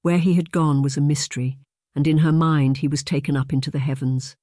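An audiobook narrator reading a historical romance in a measured, even storytelling manner. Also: medium pitch, no echo, clean studio sound. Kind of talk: scripted narration.

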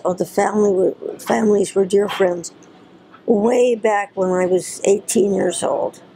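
An older woman, a retired actress, telling lively stories about her career in an interview, slowing down to stress points. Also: mid-range voice, a little hiss or hum, rough recording. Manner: lively anecdotal, slows for emphasis, laughs through stories. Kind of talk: storytelling reminiscence.

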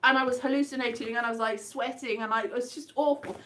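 A woman's voice: fairly high pitch, steady tone, fast talker, bright, forceful tone, a little hiss or hum. A woman from the UK chatting casually in a vlog, rambling and amused with herself as she guesses mystery items by touch. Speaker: vlogger.

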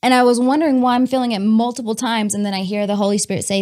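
A woman telling a personal testimony in a candid, animated way, talking to her listeners as y'all and laughing between lines. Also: fairly high pitch, racing. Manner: chatty with many fillers and laughs.

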